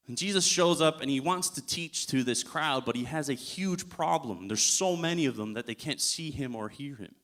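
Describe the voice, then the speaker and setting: A man's voice: fairly high pitch, expressive, normal speed, fairly bright tone. A man giving a sermon as a guest preacher in a church, telling the story in a casual way and chuckling often.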